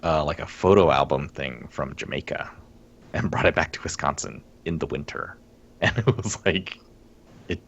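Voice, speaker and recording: A man's voice: very deep voice, normal speed, breathy edge. A man co-hosting a casual gaming podcast, rambling wryly and laughing often. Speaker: podcast co-host. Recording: dull lo-fi stream audio.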